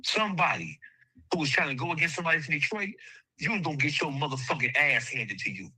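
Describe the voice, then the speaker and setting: Male interview guest; blunt and emphatic, sharp raspy voice, dry close mic. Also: fairly high pitch, lively intonation, fast, no echo, low-quality recording. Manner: blunt, emphatic, heavy cursing. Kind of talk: interview storytelling.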